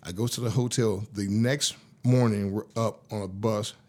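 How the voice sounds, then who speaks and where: A man's voice: fairly low pitch, steady tone, normal speed, a little mellow. A man in his fifties, a former pro football lineman, telling stories in a casual interview in a loose, slangy, profane way.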